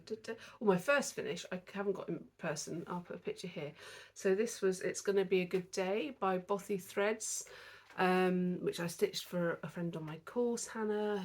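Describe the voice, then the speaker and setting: A woman with a cold, a bit out of breath, chatting casually about her cross stitch at home, rambling with lots of fillers. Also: lowish voice. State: out of breath, getting over a cold. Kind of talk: casual chat. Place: indoors at home, seated on a dining chair.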